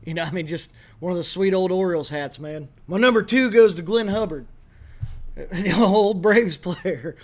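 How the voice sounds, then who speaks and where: Man, podcast host, high voice, brash, joking. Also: normal speed. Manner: brash, joking, swears freely. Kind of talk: casual podcast talk.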